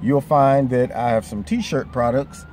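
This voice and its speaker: Male vlogger, mid-pitched, opinion commentary, conversational. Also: unhurried, darkish tone, slight background noise. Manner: conversational, emphatic, slips into quoted voices.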